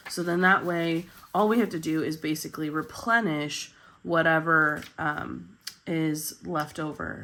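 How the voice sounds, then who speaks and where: A woman hosting her budgeting channel in casual chat, upbeat and chatty, her voice husky with morning voice and a coming cold. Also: fairly low pitch, a bit bright, a little hiss or hum.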